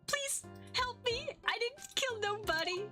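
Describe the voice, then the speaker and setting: A woman voicing a panicked young magician who is a country boy at heart, pleading in a high, quavering put-on Southern accent. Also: lively intonation, a little slow, pushed and bright, soft background music, full character voice.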